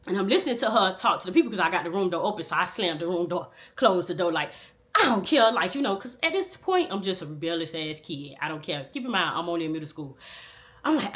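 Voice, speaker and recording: A young woman telling a candid personal storytime in slangy, animated talk, swinging from loud outbursts to low mutters.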